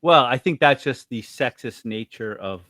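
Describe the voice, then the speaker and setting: Animated man, dry close sound. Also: normal speed, no room sound. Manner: animated storyteller, acts out quotes with big pitch jumps. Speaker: podcast co-host. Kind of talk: casual chat.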